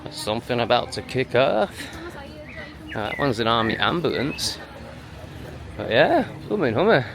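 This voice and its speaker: A man's voice: mid-range voice, very animated, a little slow, gravelly, long pauses, crowd noise, background noise. A man talking in a walking vlog, dismissive and sneering, out on a busy street. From England. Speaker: vlogger.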